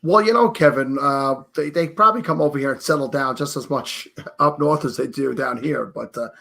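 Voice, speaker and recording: A man hosting a podcast, chatting casually with relaxed, joking banter. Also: mid-range voice, normal speed, creaky. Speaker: podcast host. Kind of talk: casual chat.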